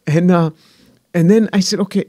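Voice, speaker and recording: A man in his sixties tells his story earnestly, often repeating himself and dropping to a hushed voice. His voice is gravelly and husky, a little higher than most men's. It is recorded close and dry. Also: moderate pace, dry recording. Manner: earnest, repeats phrases, soft and hushed when moved. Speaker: guest, scientist. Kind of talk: earnest personal testimony in conversation.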